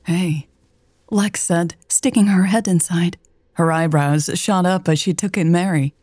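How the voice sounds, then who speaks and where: A woman narrating a romance story in a calm, gentle and intimate reading. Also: fairly low pitch, moderate pace, dry recording.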